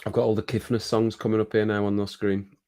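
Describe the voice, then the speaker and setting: A man's voice: on the low side, flat delivery, quick pace, dark tone. Rambling, chuckling Midlands man on a stream. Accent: English Midlands. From English Midlands. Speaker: livestream host. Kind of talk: casual chat with live viewers. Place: home streaming room.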